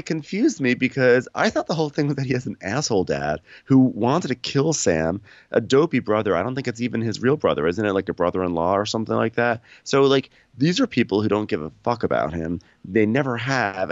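A man's voice: mid-range voice, big pitch swings, fairly quick, few pauses, no room sound, lo-fi sound. A man co-hosting a podcast, recapping a TV episode in casual, sarcastic chat. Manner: sarcastic, laughing asides. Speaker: podcast co-host.

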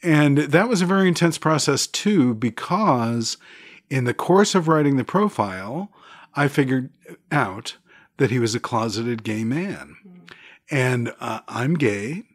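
A man as a guest, telling stories in an animated conversational way, laughing often. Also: medium pitch, measured pace. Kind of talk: conversational storytelling.

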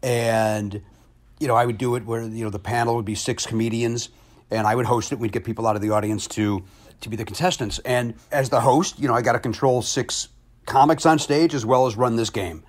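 A comedian and game show host telling a story in casual conversation, animated and self-deprecating. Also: male voice, medium pitch, brisk.

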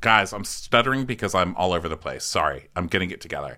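A man's voice: low-pitched, fast talker, few pauses, bright, forceful tone. A man hosting a podcast, rambling through a comedic recap and laughing often. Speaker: podcast host.

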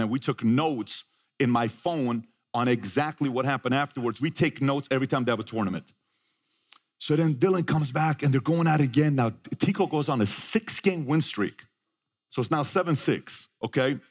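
A man's voice: medium pitch, fairly quick. A middle-aged man giving a motivational talk to a live audience, telling a family story, asking the crowd questions and acting out his sons' lines. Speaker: motivational speaker.

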